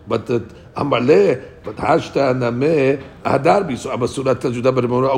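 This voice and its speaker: A man's voice: mid-range voice, fairly quick. A man teaching a Talmud class, reading Aramaic lines and explaining them in English, his voice jumping up when he acts out the speakers. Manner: animated, voice jumps up when acting out speakers.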